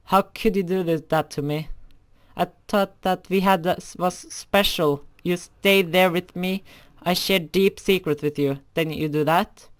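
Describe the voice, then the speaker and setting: A man voicing a tearful, heartbroken female zombie mob, speaking in a hurt, quietly accusing way. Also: sits high, steady tone, a little slow.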